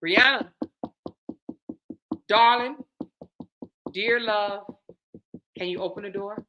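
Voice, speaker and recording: A woman voicing a husband who sounds sweet and calm, with a soft, coaxing, syrupy manner. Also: medium pitch, slow pace, lo-fi sound, a little hiss or hum, voice pushed down, natural voice. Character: man, calm husband, falsely sweet, mocking.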